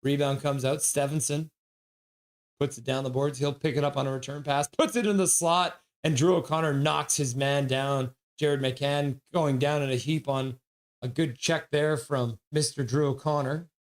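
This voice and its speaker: Calling hockey action live for a stream, the host sounds eager and worked up, glancing at chat between rapid calls. Pitch is medium.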